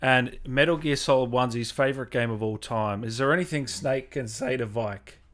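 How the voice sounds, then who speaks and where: A man's voice: mid-range voice, normal speed, a bit bright. A man hosting a livestream, upbeat and chatty, thanking viewers by name. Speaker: host. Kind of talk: livestream chat.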